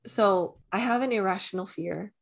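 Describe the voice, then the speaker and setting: A young woman co-hosting a podcast, telling a story in casual chat, animated, with lots of "like" and swearing. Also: mid-range voice, normal speed, gravelly. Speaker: podcast co-host.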